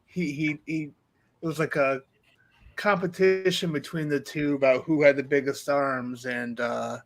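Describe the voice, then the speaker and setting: Hesitant, higher-voiced man. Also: steady tone, unhurried. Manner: hesitant, struggling to recall details. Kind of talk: casual podcast chat.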